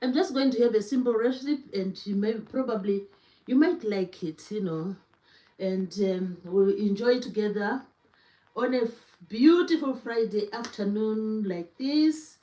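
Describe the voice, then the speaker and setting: Slow-talking woman in an echoey room. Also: a little high. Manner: slow, warm greetings to chat viewers. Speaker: cooking livestream host. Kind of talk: casual livestream chat.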